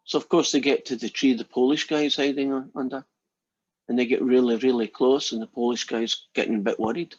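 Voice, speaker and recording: A man's voice: mid-range voice, steady tone, a little fast, a little mellow, husky, dry recording, muffled recording. A male math instructor lecturing casually and telling a long joke to his class in a chatty, storytelling way.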